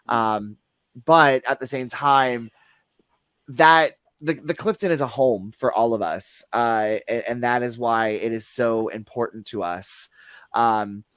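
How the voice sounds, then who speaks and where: A man's voice: mid-range voice, smooth, no echo. A man, a guest who works at a movie theater, chatting casually and telling stories with lots of fillers. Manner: rambling storyteller with many fillers. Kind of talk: casual podcast chat.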